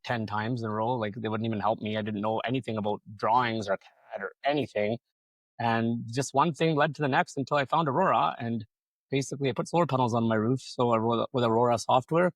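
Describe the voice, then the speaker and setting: Fast-talking man telling his story. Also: mid-range voice, dry recording. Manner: rambling, swears freely, acts out quotes. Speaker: podcast guest, solar company founder. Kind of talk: casual storytelling.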